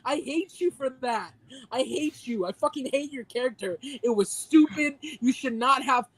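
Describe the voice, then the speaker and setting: A man's voice: extremely high pitch, expressive, moderate pace, husky, low-quality recording. A man co-hosting a casual podcast, delivering a heated, profanity-filled mock rant. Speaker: podcast co-host.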